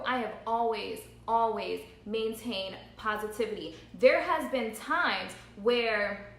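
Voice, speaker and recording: High-voiced woman in an echoey room. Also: a bit bright. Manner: earnest, repeats phrases, laughs through emotion. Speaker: entrepreneur vlogger. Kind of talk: emotional livestream monologue. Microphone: phone livestream.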